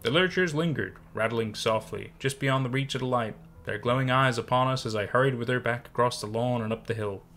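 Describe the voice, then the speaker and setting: A man reading a first-person horror story aloud in measured, tense scripted narration. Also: mid-range voice, a bit bright.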